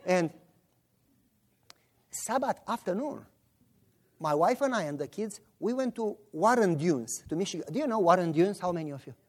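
A Romanian-accented preacher shares stories in his sermon, animatedly acting out his characters' voices. His high voice moves at a moderate pace with long pauses.

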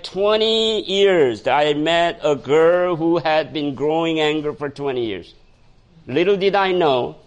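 A preacher from Korea, native in Korean, speaks on the high side as he delivers a sermon woven with stories. His animated manner rises loudly, then softens into storytelling, with quoted voices from the story and frequent chuckles.

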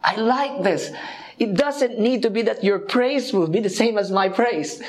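A man preaching a sermon, calling his listeners friends, his voice swooping high and low and stretching words for emphasis. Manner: expressive, swoops between high and low pitch, drawn-out emphasis; reads quotes aloud and addresses listeners as friends.

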